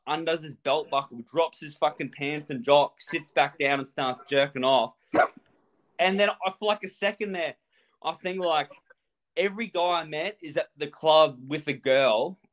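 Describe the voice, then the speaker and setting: A man casually telling a wild travel story, animated and swearing a lot, laughing as he goes. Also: fairly high pitch.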